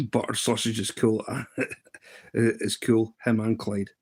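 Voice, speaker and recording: Man telling a lively fishing anecdote. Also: lowish voice, slow pace, husky. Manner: animated anecdote-telling, acting out what others said. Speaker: live-stream host. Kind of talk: casual live chat.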